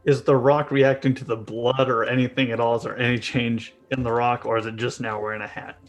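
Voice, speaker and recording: A man plays a tabletop game and tosses out dry, wisecracking remarks. His voice sits at an ordinary mid pitch. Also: little pitch movement, fairly quick. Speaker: player. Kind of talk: casual tabletop game talk.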